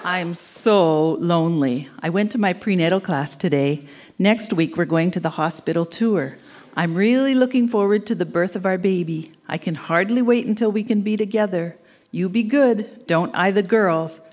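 A woman's voice: lowish voice, moderate pace, darkish tone. A woman in her sixties reading her old love letters aloud on stage, fond and teasing. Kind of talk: reading aloud to a live audience. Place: live event stage.

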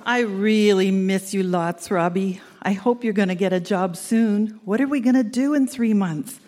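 A woman's voice: mid-range voice, moderate pace, warm tone, long reverb tail, slight background noise. A young woman talking as if recording letters to her husband, teasing and giggly. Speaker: letter writer. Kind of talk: reading old tape letters aloud.

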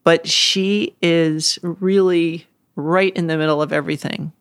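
A woman's voice: deep voice, fairly even intonation, a little slow, clear, resonant tone, no echo. A middle-aged woman in a casual interview, talking in an earnest, reflective way and now and then laughing or getting choked up. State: choked up at times. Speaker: interview guest.

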